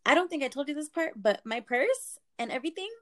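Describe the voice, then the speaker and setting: A woman in her twenties telling a story in casual talk, animated, saying "like" a lot and swearing freely. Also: high voice, fast.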